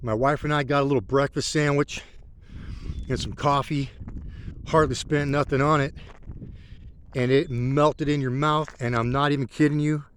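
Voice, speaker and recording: A man's voice: medium pitch, fairly even intonation, normal speed, pauses often, slight background noise. A middle-aged man, talking in a rambling, heartfelt way while out on a country road. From rural country background. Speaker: motorcycle vlogger. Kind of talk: casual spoken vlog while riding.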